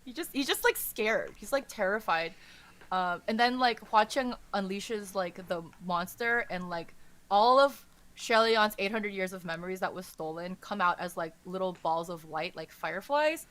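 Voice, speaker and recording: A woman podcast host casually retelling a story's plot in a rambling, animated way, saying "like" all the time. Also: medium pitch, moderate pace. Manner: rambling and animated, says "like" constantly.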